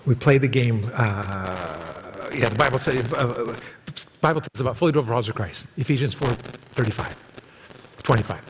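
A man's voice: a little fast, in a large hall, a little hiss or hum, poor audio. A man preaching a sermon as a pastor, telling stories and acting out the people in them. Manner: storytelling, acting out quoted voices in a higher pitch. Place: church sanctuary.

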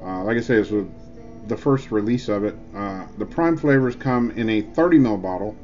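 A man's voice: lowish voice, normal speed, a little mellow. A man rambling through a casual, jokey vlog review, full of filler words. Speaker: e-juice reviewer. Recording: dull lo-fi with faint music.

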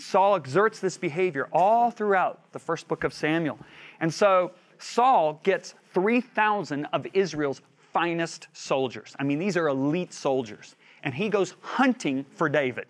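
A man teaching a Bible lesson as an animated storyteller who acts out the voices he quotes and builds emphasis by repeating phrases. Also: sits high.

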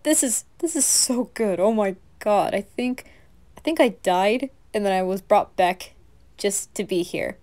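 A woman's voice: medium pitch, unhurried, a little mellow, natural voice. A woman voicing a chatty, playful teenage boy who gushes over food in a whispered role-play.

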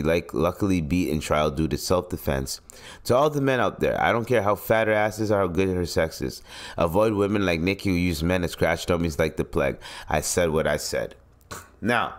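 A man hosting a solo podcast, giving blunt, profane commentary in a casual ranting manner. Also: low-pitched. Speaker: podcast host.

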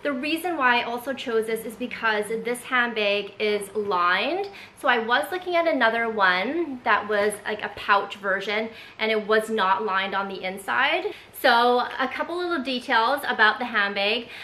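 A woman's voice: a little high, a little slow, hardly any pauses, sharp tone, roomy sound, poor audio. A woman vlogger chatting casually through an unboxing, rambling with lots of filler words. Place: home room indoors.

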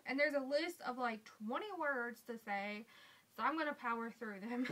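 Young woman, Southern US accent, high bright voice, chatty vlog talk. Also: moderate pace. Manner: chatty, reading out questions and answering them. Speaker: beauty vlogger. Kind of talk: casual chat to camera.

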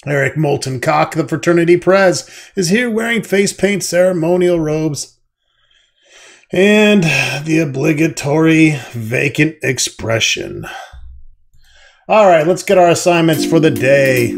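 A man's voice: on the high side, lively intonation, unhurried, creaky, music in the background. A man hosting a let's play, reading out a text adventure game and muttering casual, profane comments.

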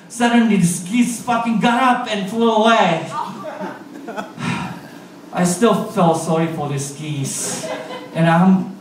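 Japanese man, stand-up comic, high voice, halting laughing delivery, distant echoey club recording with faint noise. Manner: halting storytelling, laughing through punchlines. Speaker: stand-up comedian. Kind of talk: stand-up comedy. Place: live comedy club. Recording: echoey club audio from far off.

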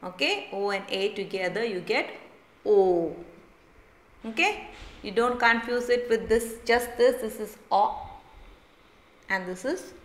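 A woman teacher, slowly sounding out and repeating words in a phonics lesson for young children. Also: mid-range voice, expressive. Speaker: primary school teacher. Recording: echoey room.

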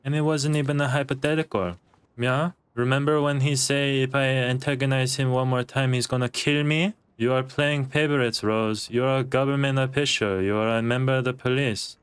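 A man's voice: mid-range voice, steady tone, moderate pace, clear, resonant tone, lightly acted. A man playing a stubborn, preachy protester in broken English. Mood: lecturing. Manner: broken English grammar, lecturing and insistent. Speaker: role-play character, peaceful protester. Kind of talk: in-character game role-play. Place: game voice chat.

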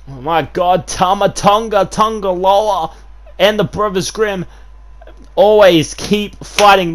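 Guy doing hype wrestling game commentary, kinda high voice, says of course a lot, yells at big moves. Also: unhurried. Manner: excitable, filler-heavy, keeps saying "of course", bursts into shouts at big moves. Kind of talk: play-by-play commentary over a wrestling video game.

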